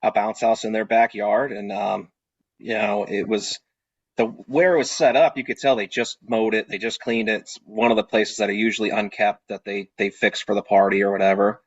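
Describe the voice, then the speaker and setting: A man's voice: on the low side, normal speed, no room sound, muffled recording. Man telling a story on a video call. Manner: animated, acts out his own quoted lines. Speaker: party rental business owner.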